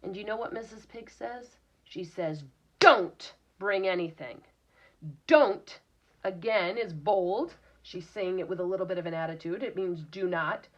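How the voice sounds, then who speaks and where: A woman's voice: lowish voice, moderate pace, few pauses. A woman teacher reading a picture book aloud to young children, patiently explaining words and sounding them out. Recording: dull lo-fi recording.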